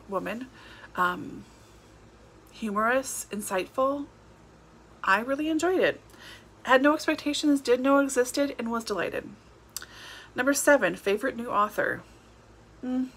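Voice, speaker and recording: Chatty woman with a gravelly edge. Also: medium pitch, bright, forceful tone, a little hiss or hum. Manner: chatty, laughs often, self-correcting. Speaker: book vlogger. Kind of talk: casual book tag chat.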